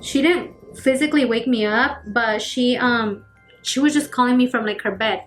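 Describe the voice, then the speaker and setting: A woman's voice: a little high, moderate pace. A woman in her twenties telling a personal story in a casual vlog, chatty and full of fillers, acting out the scenes. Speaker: YouTuber. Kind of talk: casual storytelling while getting ready. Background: faint background music.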